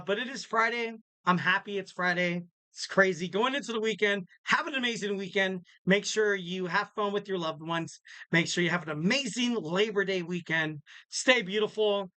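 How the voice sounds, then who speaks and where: A man's voice: sits high, sharp tone, clear, resonant tone, no room sound, low-quality recording. A young man hosting a casual sports podcast, rambling through his sign-off with jokey, self-deprecating asides. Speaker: podcast host.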